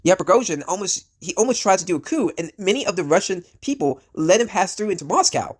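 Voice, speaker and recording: A man's voice: sits high, animated, fast. A man who is sick and coughing, ranting in casual commentary. He rambles bluntly, with lots of fillers and swearing. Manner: rambling, full of fillers and restarts, blunt and profane. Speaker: vlogger.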